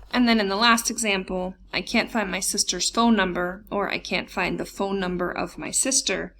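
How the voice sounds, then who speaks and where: A woman teaching a recorded German grammar lesson over slides, explaining plainly with lots of ums and uhs, slowing down for example words. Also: medium pitch, little pitch movement, a bit bright. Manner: plain explanatory tone with frequent fillers.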